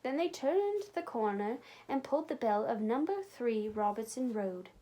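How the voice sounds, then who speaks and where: Woman librarian, children's storybook reading, lively pitch swings, fairly high voice. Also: moderate pace. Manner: expressive, animated storytelling.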